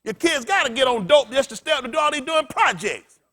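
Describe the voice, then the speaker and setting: A man's voice: very high-pitched, lively intonation, brisk, pushed and bright. A man pastor delivering an impassioned sermon in colloquial, conversational preaching talk that builds into emphatic outbursts. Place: congregation gathering.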